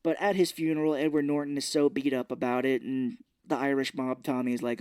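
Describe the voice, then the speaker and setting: A man's voice: medium pitch, flat delivery, fairly quick, few pauses, darkish tone, smooth, dry recording, studio quality. A man co-hosting a podcast, casually retelling a film's plot in a rambling way and quoting its lines. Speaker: podcast co-host. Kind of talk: casual film recap chat.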